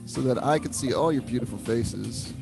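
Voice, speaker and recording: A man running a live online tai chi class, chatting casually as he sets up the stream, then calmly cueing posture. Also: medium pitch, normal speed, vocal fry. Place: home room, on a video stream. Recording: live stream audio with music underneath. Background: music playing.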